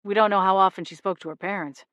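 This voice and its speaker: A woman's voice: steady tone, fast, a bit bright, no room sound, lo-fi sound, close to an everyday voice. A woman reading the part of an easygoing young man who works as an investigator and dislikes rules. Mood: businesslike. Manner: easygoing, gruff and low on the phone. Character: laid-back young man, a rule-dodging investigator.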